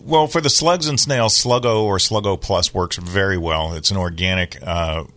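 A man hosting a call-in garden radio show, giving relaxed, practical advice to callers. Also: deep voice, moderate pace. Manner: relaxed, informative, takes calls.

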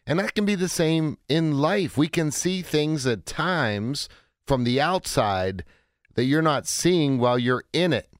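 A man in his forties hosting a call-in radio show, talking in an energetic, chatty way with a hoarse, cracking voice. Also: on the high side, unhurried, no room sound, clean studio sound. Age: 40s. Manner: energetic, chatty, self-interrupting. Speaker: radio talk show host.

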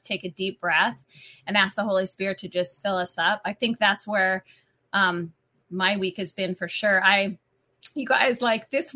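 Bright, chatty middle-aged woman co-host, emotional faith talk. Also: medium pitch.

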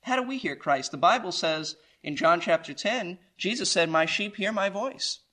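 A man's voice: sits high, animated, moderate pace, bright, forceful tone. A male pastor preaching a verse-by-verse sermon with an emphatic, rising and falling delivery.

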